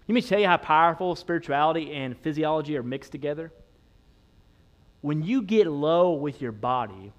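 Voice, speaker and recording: A young adult man, a pastor preaching a sermon with emphatic, repetitive lines that build to shouts. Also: a little high.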